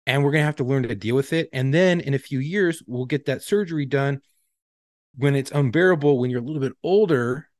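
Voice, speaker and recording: A man's voice: medium pitch, a little fast, darkish tone, no room sound, clean studio sound. A man in his thirties, co-hosting a casual podcast, telling blunt, profane stories about his pain and his doctors. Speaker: podcast co-host. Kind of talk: casual chat.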